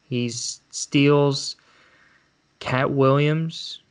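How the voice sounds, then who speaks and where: A young man co-hosting a podcast, retelling a movie in casual chat with halting restarts and laughs. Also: mid-range voice, fairly even intonation, clean tone. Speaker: podcast co-host.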